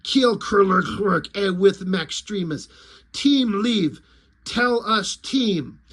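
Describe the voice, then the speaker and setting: Man playing a lizard alien, broken clipped speech, slow, husky. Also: high voice, fairly bright tone, exaggerated voice. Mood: blunt. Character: blunt male lizard alien speaking broken English.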